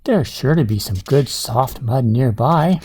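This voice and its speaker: A man's voice: mid-range voice, expressive, measured pace, a little mellow, slightly rough. A man voicing a small male pig who loves mud, given to squealing, fussy exclamations.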